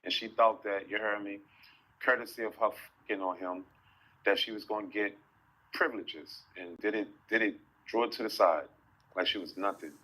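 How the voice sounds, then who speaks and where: Deep-voiced man, blunt and flat. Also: moderate pace, low-quality recording. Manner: blunt, matter-of-fact. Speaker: interviewee. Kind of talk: interview clip.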